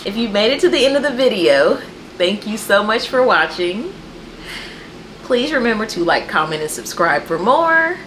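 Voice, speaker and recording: A woman's voice: mid-range voice, very animated, moderate pace, fairly bright tone, slight background noise. A woman hosting a book vlog, chatting casually to camera with playful, exasperated humor and frequent laughter. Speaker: book vlogger host.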